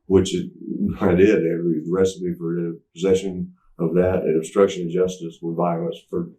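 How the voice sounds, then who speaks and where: A man's voice: sits low, level tone, moderate pace, mellow. A man telling a candid story in an interview, rambling with restarts and acting out what people said. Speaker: interview guest. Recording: roomy, mic at some distance.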